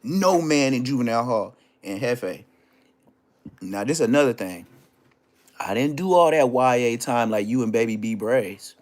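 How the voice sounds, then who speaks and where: A man's voice: lively intonation, unhurried, a little mellow. A man hosting a livestream, delivering a heated, taunting, profane rant at a rival. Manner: swings between low growls and high yelps. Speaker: livestream host. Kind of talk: ranting livestream monologue.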